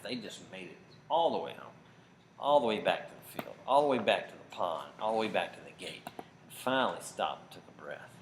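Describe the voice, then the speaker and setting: A man telling a story to children at camp, dramatic and expressive, getting loud for big moments. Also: on the low side. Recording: faint background noise.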